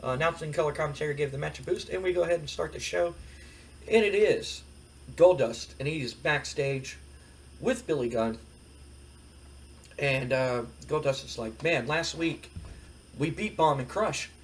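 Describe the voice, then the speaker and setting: Higher-voiced man narrating a gameplay session. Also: moderate pace, gravelly, long pauses, slight background noise. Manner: retells events with quoted dialogue. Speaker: let's-play host. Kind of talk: casual game commentary.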